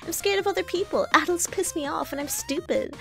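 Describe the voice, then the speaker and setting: A woman reading lines as a needy, anxious young woman streamer in a rushed, self-deprecating way. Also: very high voice, gravelly, soft background music, pitched above the performer's own voice. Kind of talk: reading game dialogue aloud.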